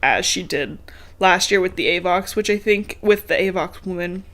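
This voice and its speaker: A woman's voice: on the low side, normal speed, a bit bright. A woman co-hosting a podcast, recapping a book in a casual, chatty way, with lots of swearing and laughter. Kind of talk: casual chat. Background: a dog heard now and then.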